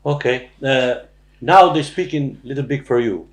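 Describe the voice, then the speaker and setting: A podcast host, asking questions in halting, simple English. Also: male voice, mid-range voice. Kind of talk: casual interview questions. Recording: roomy echo.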